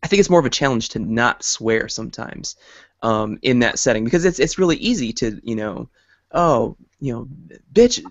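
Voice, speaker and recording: Male podcast host, mid pitch, rambling casual chat, dry lo-fi audio. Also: animated, fairly quick, no echo. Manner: chatty, laughs easily, filler-heavy.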